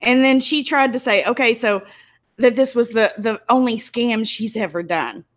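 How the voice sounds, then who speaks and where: Tearful, indignant woman vlogger, fairly high voice. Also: moderate pace. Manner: emotional, indignant, close to tears. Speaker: YouTuber. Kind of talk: angry commentary vlog.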